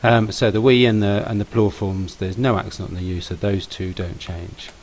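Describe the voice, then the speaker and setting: A man explains grammar patiently to a class, leaning on key words and repeating them. His voice sits a little low and has a gravelly edge. A faint hiss runs under the recording. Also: steady tone, normal speed, a little mellow, rough recording. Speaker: language teacher.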